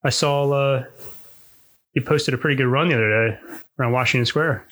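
A man's voice: medium pitch, fairly quick, a bit bright. A man co-hosting a podcast, teasing his partner in casual banter. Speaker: podcast co-host.

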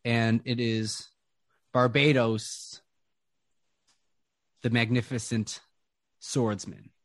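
A man narrating a tabletop game as game master, describing scenes slowly with lots of fillers. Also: mid-range voice, fairly bright tone. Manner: slow, descriptive, rambling with fillers.

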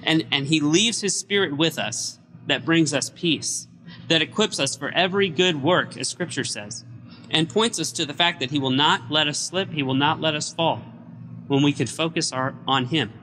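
A man preaching a midweek sermon as pastor, retelling a scripture story in a lively, conversational way. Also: fairly high pitch, in a large hall, poor audio. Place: church during a midweek service.

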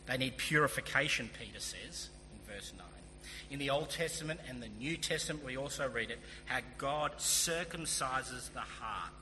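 A man's voice: mid-range voice, normal speed, sharp tone. A man preaching a sermon as pastor, earnest and emphatic, with casual asides. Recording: long hall reverb, faint hum.

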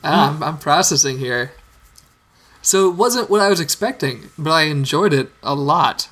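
Male host, higher and bright, casual and thoughtful. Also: expressive, normal speed. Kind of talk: casual discussion.

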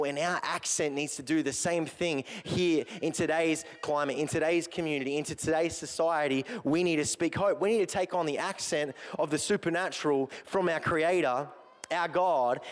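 A man preaching to a congregation, building his points through repeated, emphatic phrases. His voice sits a little higher than most men's and rings out with a long reverb, as in a church hall. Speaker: pastor. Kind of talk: sermon.

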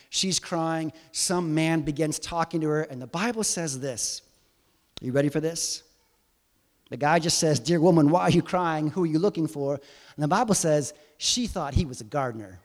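A man preaching a sermon in a chatty, animated storytelling manner, with a long hall reverb. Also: fairly high pitch.

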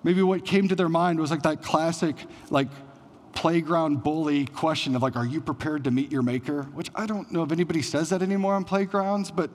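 Higher-voiced male pastor in a reverberant hall. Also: fairly quick. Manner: conversational preaching with frequent "like" fillers. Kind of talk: sermon.

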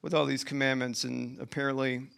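A man preaching a sermon in a colloquial, folksy way, swinging from loud emphatic points to quiet asides. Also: medium pitch, flat delivery, brisk, gravelly, clear, resonant tone.

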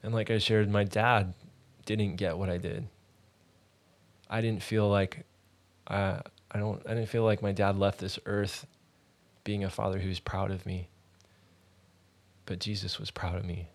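A man with a lowish, level voice hosts a ministry podcast. He shares a personal faith testimony in an earnest, halting, conversational way.

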